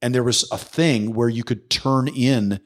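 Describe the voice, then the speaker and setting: A man hosts a podcast in loose, casual conversation. He tells his story with lively energy, acting out the people he quotes and cursing freely. His voice sits at an ordinary middle pitch. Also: unhurried. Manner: animated storyteller who acts out quoted voices, swears freely. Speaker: podcast host.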